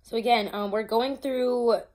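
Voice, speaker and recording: A woman's voice: a little high, steady tone, a little slow, darkish tone. A woman giving a casual tarot reading, chatty and loose, swearing freely and stumbling over her notes. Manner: reads from notes, restarts often. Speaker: tarot reader.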